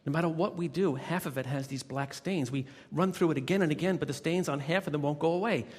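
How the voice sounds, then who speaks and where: A man's voice: fairly high pitch, fast, big-room sound, pitched above the performer's own voice, close to an everyday voice. A man voicing a worried male dish room worker explaining a problem apologetically. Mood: anxious. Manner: anxious, apologetic.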